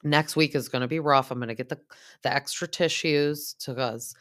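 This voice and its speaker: A young woman hosting a casual recap podcast, talking in a chatty way full of "like" and sometimes dropping into a hushed aside. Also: a bass voice, fairly even intonation, normal speed. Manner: chatty, heavy use of "like", drops into a hushed aside now and then. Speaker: podcast host recapping reality TV. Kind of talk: casual chat.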